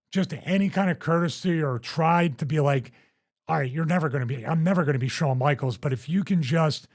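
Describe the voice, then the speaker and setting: A man hosting a wrestling podcast, telling backstage stories in casual chat with lots of restarts. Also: a little high. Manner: rambling, animated storyteller with frequent restarts.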